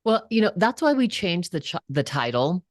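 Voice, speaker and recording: A woman's voice: on the low side, moderate pace, no room sound, studio quality. A woman in her fifties, a psychotherapist and author, telling earnest personal stories as a guest in a casual interview. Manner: earnest, animated storyteller.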